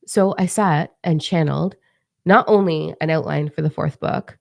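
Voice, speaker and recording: Low gravelly woman, chatty and animated. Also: normal speed, dry recording, clean studio sound. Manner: chatty, profane, animated storytelling. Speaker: spiritual teacher and author. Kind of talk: casual vlog monologue.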